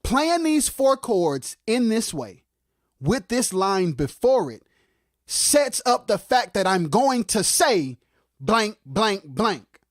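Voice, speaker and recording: A livestream co-host giving impassioned commentary on music production. They get fired up and shout, then drop into quiet asides, and repeat phrases for emphasis. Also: medium pitch, very animated, slow pace, no echo, clean studio sound. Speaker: co-host of a live music talk stream.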